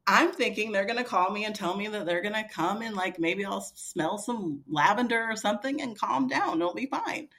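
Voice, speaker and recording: A woman's voice: mid-range voice, moderate pace, few pauses. A woman in her thirties telling a story casually as a podcast guest, acting out what others said, with many fillers. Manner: animated, quoting others in dialogue, frequent fillers.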